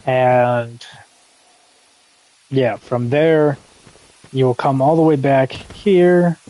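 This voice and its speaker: Young male streamer, laid-back and rambling, casual swearing, middle-pitched. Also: steady tone, extremely slow, mellow, poor audio. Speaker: gaming streamer. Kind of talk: casual live gameplay commentary.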